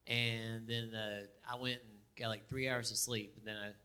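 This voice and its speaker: A man retelling a personal story in a casual, halting way, with many fillers and restarts. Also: lowish voice, little pitch movement, pushed and bright, smooth. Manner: chatty, halting, with frequent fillers and laughs.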